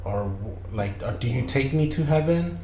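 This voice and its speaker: A man's voice: medium pitch, lively intonation, moderate pace, mellow, echoey room, a little hiss or hum, lightly acted. A man doing a bewildered dead man. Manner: bewildered, pleading questions. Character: confused man who just died.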